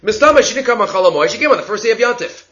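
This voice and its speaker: High-voiced man teaching Talmud, lo-fi. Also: animated, very fast, a bit bright. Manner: explains step by step, reading Aramaic text and translating; asks rhetorical questions, occasional coughs. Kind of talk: Talmud study lecture. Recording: dull lo-fi recording.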